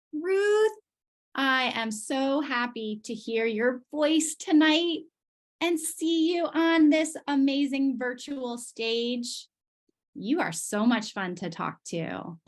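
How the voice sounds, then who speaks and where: Speaking in a high-pitched voice, a woman clinician gives out certificates during an online ceremony, offering the children slow, warm encouragement via video call.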